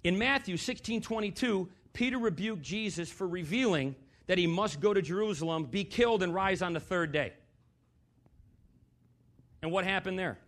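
A man with a high, slightly bright voice preaches a sermon in church at a moderate pace. He speaks conversationally, puts questions to the congregation, and slips in dry, sarcastic humor.

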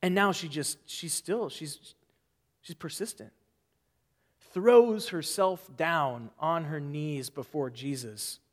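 A male pastor preaching a sermon in an animated way, acting out the voices of people in the story. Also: on the high side, slow, long reverb tail.

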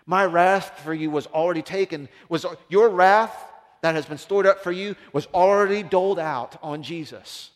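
A man preaching a sermon as a pastor, impassioned, swinging from loud emphasis down to hushed, low tones. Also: moderate pace. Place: church. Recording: long reverb of a large hall.

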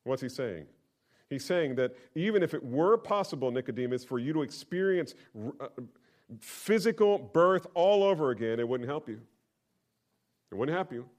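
A middle-aged man preaching a sermon. He repeats key lines for emphasis and swings between loud and hushed. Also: mid-range voice, animated, moderate pace. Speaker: pastor.

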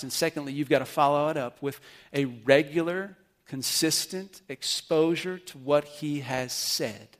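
A man with a somewhat high, fairly bright voice preaches at a church service as pastor, earnestly teaching and stopping to question the congregation.

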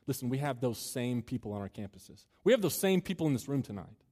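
Joking preacher in a big echoing hall. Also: male voice, mid-range voice, sing-song, a little fast, darkish tone. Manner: joking and conversational, then earnest and building. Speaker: campus minister. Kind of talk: sermon to a student crowd. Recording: long reverb of a large hall.

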